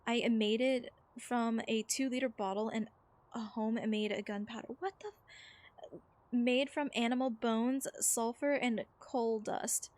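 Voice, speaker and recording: A woman's voice: fairly high pitch, steady tone, a little slow, darkish tone. A woman streaming a game, chatting casually with viewers in a rambling, filler-heavy way and reading chat messages aloud. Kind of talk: casual chat while gaming.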